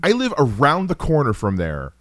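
A man's voice: fairly high pitch, normal speed, no echo, studio quality. A man hosting a podcast, chatting casually and telling stories with frequent laughs and stammered restarts. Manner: animated storyteller, laughs often, stammers on restarts. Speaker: podcast host. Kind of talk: casual chat.

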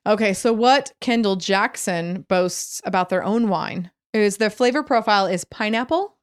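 A woman's voice: mid-range voice, clean tone. A young woman co-hosting a casual podcast, joking and chatting playfully with a friend. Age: young adult. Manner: playful, joking, quick asides. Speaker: podcast co-host. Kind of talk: casual chat.

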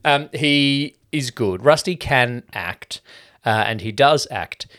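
A man in casual podcast chat who rambles through a film's plot and swears easily. His voice sits at a middling pitch for a man. He talks loosely and circles back on himself as he goes. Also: expressive, takes it slowly, fairly bright tone. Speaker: podcast co-host. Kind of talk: casual film-review chat.

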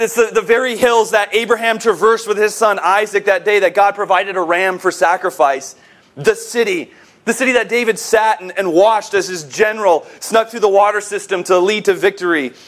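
A male pastor preaching a sermon, telling a scene vividly and swinging between hushed, slow lines and emphatic, rising ones. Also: a little high.

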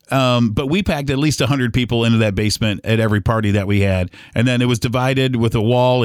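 Middle-aged male host from Ohio, casual meandering storyteller, mid pitch, dry close sound. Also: clean tone, no echo. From Toledo, Ohio. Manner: rambling, with many fillers and restarts. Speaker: podcast host. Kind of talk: casual reminiscing monologue.

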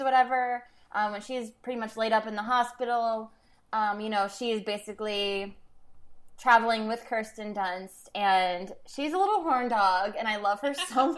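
A woman co-hosting a podcast, chatting casually about a film, gushing and laughing often with lots of fillers. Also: on the high side. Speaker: podcast co-host.

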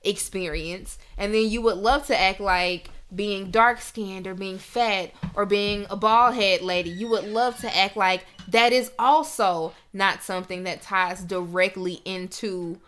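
Heated, profane young woman with a bright voice. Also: medium pitch, fairly even intonation, a little slow, few pauses. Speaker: podcast host. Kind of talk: casual podcast rant.

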